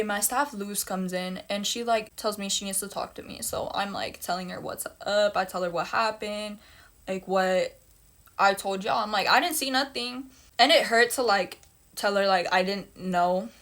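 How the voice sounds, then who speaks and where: A woman's voice: medium pitch, fairly bright tone. Blunt, swearing young woman telling a story. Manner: blunt, heavy swearing, emphatic repetition. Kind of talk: casual storytime monologue.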